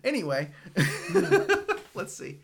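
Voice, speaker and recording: A man's voice: high voice, huge pitch swings, extremely slow, a bit bright, a little hiss or hum. A man chatting casually with a friend, laughing often and trailing off into fillers and restarts. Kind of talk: casual chat about anime.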